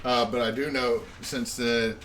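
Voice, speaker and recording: A man narrating a tabletop game as game master, describing the scene in a slow, descriptive way with fillers. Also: medium pitch, little pitch movement, fairly bright tone. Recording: distant mic with faint noise.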